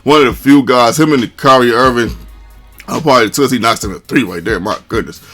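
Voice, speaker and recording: A man commentating over his own basketball video game match in a casual, chatty way, tossing "man" onto nearly every sentence. His voice sits at an ordinary middle pitch, and he gets excitable when the game turns close. A faint bed of music runs underneath him. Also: fast talker. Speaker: gaming commentator.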